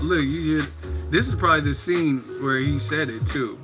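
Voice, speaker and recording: A man hosting a live-stream boxing chat, talking casually and excitedly, laughing often and swearing freely. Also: a little high, normal speed, music in the background. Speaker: boxing channel host.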